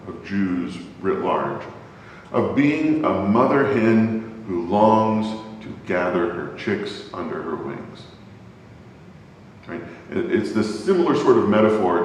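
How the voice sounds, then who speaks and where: A man teaches grown-ups about the Bible in a church classroom, keeping it conversational and regularly quizzing the class. He sounds distant from the microphone in a heavily echoing hall, and a low rumble lingers faintly.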